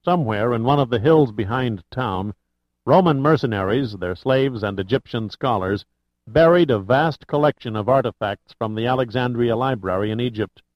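A man voicing a focused male explorer who explains things in a measured way, in a dull lo-fi recording. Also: mid-range voice, no echo, close to an everyday voice.

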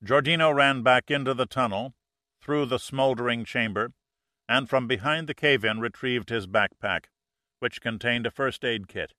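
A man reads an action novel aloud with steady, measured pacing. His voice has a bright, forward tone and sits at a middle pitch. The recording is close and dry. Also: no room sound. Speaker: audiobook narrator. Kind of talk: scripted narration.

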